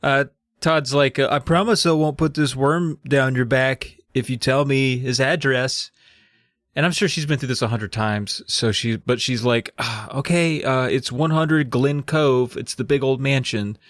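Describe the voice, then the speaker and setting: A man's voice: mid-range voice, measured pace, a bit bright, no room sound. Jokey man with a dry close voice. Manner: jokey, swearing, playful retelling. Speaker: podcast co-host. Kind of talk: casual comedic book recap.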